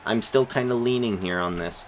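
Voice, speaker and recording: A man's voice: lowish voice, moderate pace. A man giving rambling, chatty commentary over footage of his wrestling game, self-deprecating as he talks. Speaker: wrestling game video creator. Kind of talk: casual commentary over gameplay.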